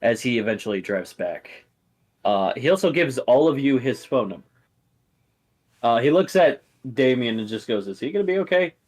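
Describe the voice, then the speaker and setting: A young man narrating as game master, relaxed, with lots of fillers. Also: mid-range voice, normal speed. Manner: relaxed, frequent fillers, laughs easily.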